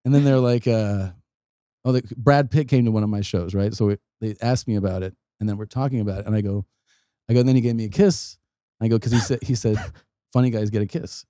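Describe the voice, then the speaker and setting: A man's voice: fairly low pitch, fast, no room sound. Middle-aged man, guest comedian, casual podcast storytelling, acts out voices, laughs, swears, dry close mic. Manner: animated, acts out others' lines, swears, laughs while telling.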